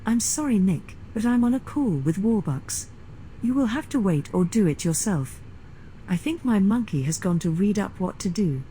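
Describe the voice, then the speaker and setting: A woman's voice: mid-range voice, expressive, moderate pace, dark tone, slight background noise, natural voice, poor audio. A woman voicing a sassy, sarcastic female spaceship computer with a dry delivery. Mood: flirty.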